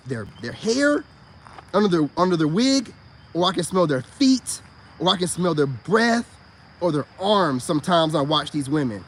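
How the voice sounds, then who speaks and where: A man giving a profane, mocking monologue, swinging between high outbursts and low mutters. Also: a bit bright, slight background noise. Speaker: online commentator. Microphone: self-recorded video.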